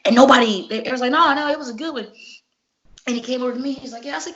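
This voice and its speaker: A woman, a professional wrestler, telling stories in a casual interview, animated and profane, acting out each exchange. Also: high-pitched, racing. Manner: animated, profane, acts out dialogue. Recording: muffled lo-fi recording.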